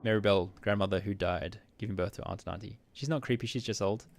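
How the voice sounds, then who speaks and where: A man streaming a visual novel, reading its narration briskly and muttering asides while laughing at himself. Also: fairly low pitch.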